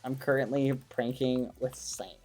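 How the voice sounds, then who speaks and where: A man streaming a game, chatting casually and excitedly with his viewers and using wholesome exclamations instead of swearing. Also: medium pitch, measured pace, faint music behind. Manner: excitable, talks to his chat. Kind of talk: casual gaming livestream chat.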